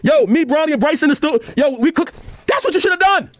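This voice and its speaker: A man loudly ranting on a clip, mocking and profane, often shouting and laughing. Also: extremely high pitch, expressive, quick pace, no echo. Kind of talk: heated reaction rant.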